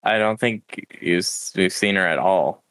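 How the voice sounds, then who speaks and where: A man co-hosting a podcast in casual chat, hesitant and pausing often on "uh". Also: low-pitched, a bit bright, clean tone. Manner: hesitant, many "uh" pauses. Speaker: podcast co-host.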